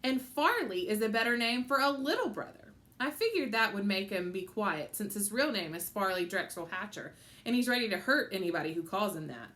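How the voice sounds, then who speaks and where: Animated woman reading a children's book. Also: medium pitch, a little fast. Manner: expressive, animated storytelling. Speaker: audiobook reader. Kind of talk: children's audiobook narration.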